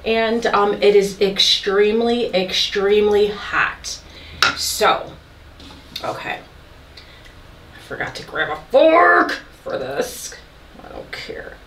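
A woman hosting a casual cooking vlog in her kitchen, excitable and nervous, laughing a lot as she cooks. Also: medium pitch, slow pace, long pauses, background noise. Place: indoor kitchen under lights. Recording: roomy echo, distant from mic, kitchen sizzle. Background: food frying and sizzling.

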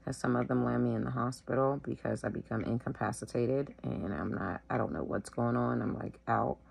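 A sick woman at home, wheezing and short of breath, talking casually to the camera in a tired, slow way. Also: rumbling low, fairly even intonation, creaky, darkish tone, breathy edge. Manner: tired, slow, filler-heavy. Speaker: vlogger sharing her illness.

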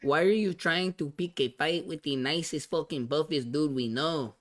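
A man's voice: on the high side, normal speed, fairly bright tone, lightly acted. A man putting on a swaggering tough-guy homie. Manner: drawling slangy street talk.

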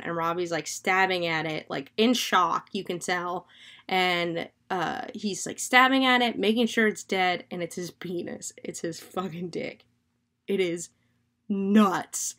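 Chatty woman recapping a horror film. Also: lowish voice. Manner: chatty and animated, filler-heavy, swears freely. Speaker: podcast host reviewing a horror film. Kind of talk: casual spoken film recap.

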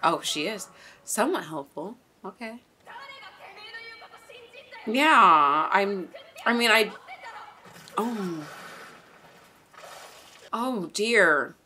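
A woman's voice: mid-range voice, expressive, very slow, long pauses, bright, forceful tone, a little hiss or hum. A young woman hosting a casual anime reaction, chatty and exclamatory, swearing and laughing as she talks.

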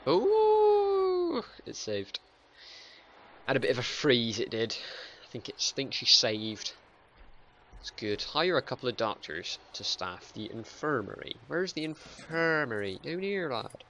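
A man's voice: medium pitch, sing-song, slow, a bit bright, dull audio, a little hiss or hum. A man commentating a game playthrough, hyper and sweary, reading the objectives aloud as he goes.

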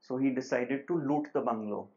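A man giving a relaxed, conversational spiritual talk at home. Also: mid-range voice, brisk, lo-fi sound. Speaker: spiritual teacher. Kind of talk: informal talk on non-duality with a joke. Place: home living room.

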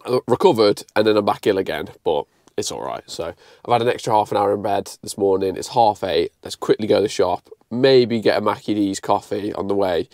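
A man's voice: lowish voice, fairly quick, darkish tone. An electrician vlogging casually, a bit ill and tired, explaining his work and his own mistakes in a chatty, self-deprecating way. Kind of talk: casual vlog chat. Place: building site and van, handheld camera. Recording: long reverb in an empty room.

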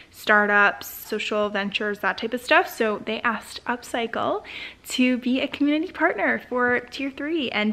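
A woman's voice: on the high side, a bit bright. Bubbly, enthusiastic young woman vlogger. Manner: bubbly and enthusiastic, repeats words. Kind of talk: casual vlog chat.

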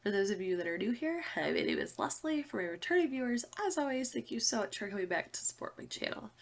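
A woman's voice: medium pitch, big pitch swings, fast talker, gravelly. A stuffy, congested young woman hosting a casual vlog update, chatty and apologetic with many fillers. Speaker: channel host.

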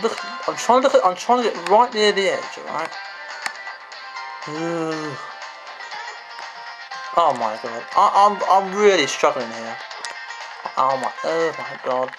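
This gamer, a man with a slightly high voice, gives frustrated commentary on his gameplay, swearing and exclaiming. The recording is low quality, with game music playing behind him.

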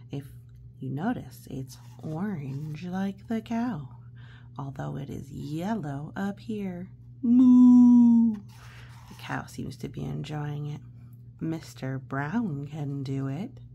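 A woman reading a children's picture book aloud slowly and playfully, chatting about the pictures and acting out the silly noises. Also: low-pitched, vocal fry, a little hiss or hum. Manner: slow, gentle, playful, acts out noises.

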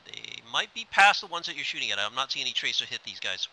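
A man leading a squad with tactical callouts in a co-op shooter game, commanding and animated. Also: mid-range voice, quick pace, poor audio. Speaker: squad leader. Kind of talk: tactical radio calls in a co-op game.

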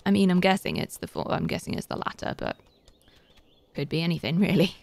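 A British woman streamer chatting casually as she plays, reading out chat and getting excitable. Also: on the low side, brisk, gravelly, dry recording. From Britain. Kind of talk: casual gaming commentary.

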